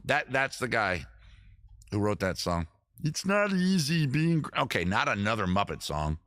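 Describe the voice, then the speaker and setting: Stream host, male, bright forceful voice, dry close sound, chatty and loose with viewers. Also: mid-range voice, big pitch swings, normal speed, no room sound. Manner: chatty, reads viewer comments aloud and answers them. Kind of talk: casual live-stream chat. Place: seated at home on a rolling chair.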